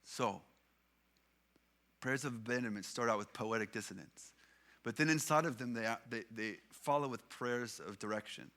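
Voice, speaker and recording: A male pastor with a Canadian English accent delivers a sermon in a bright, forceful voice. He speaks earnestly and gives weight to the scripture he quotes. His pitch sits in a middle register for a man. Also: normal speed, pauses often. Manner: earnest preaching, reads psalms aloud with emphasis.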